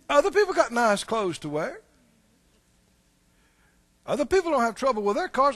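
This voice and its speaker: A man's voice: very high voice, big pitch swings, moderate pace, pauses often, fairly bright tone, no echo. A man preaching a sermon, emphatic and repetitive, speaking directly to the congregation. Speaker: pastor.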